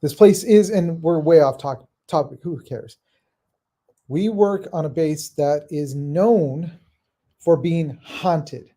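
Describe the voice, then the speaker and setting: A man's voice: on the high side, takes it slowly, warm tone. A man hosting a podcast in casual, chatty talk that wanders off topic. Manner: laughing, chatty, rambling. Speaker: podcast host. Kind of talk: casual chat.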